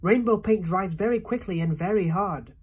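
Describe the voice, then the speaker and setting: A woman's voice: medium pitch, moderate pace, breathy edge. Woman doing an eager young boy.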